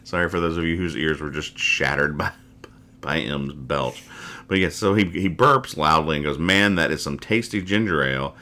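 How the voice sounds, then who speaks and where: Speaking at a normal speed in an extremely low voice, a man reads comic strips aloud on his casual podcast and explains them. He rambles wryly, letting his voice fade quietly after the jokes.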